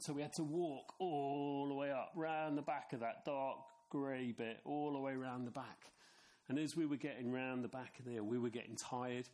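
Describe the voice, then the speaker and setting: A man's voice: medium pitch, a little mellow. Conversational middle-aged male preacher. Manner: conversational, anecdotal, with asides to the congregation. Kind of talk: sermon.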